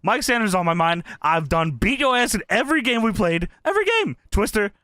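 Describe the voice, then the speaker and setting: A man's voice: high voice, very animated, a little fast, bright, forceful tone, dry recording, studio quality, voice pushed up, full character voice. A man doing a brash trash-talking wrestler. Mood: cocky threatening. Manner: cocky, threatening, swearing.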